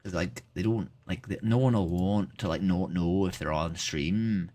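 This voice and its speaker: A man's voice: low voice, moderate pace, a little mellow. A man with an Irish accent, casually chatting with strangers on a livestream, rambling with lots of filler words and swearing. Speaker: streamer.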